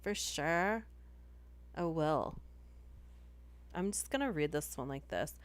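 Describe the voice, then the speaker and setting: A woman's voice: deep voice, animated, slow, smooth. A woman streaming, chatting casually between horror story readings, giggly and full of "like". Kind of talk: casual livestream chat.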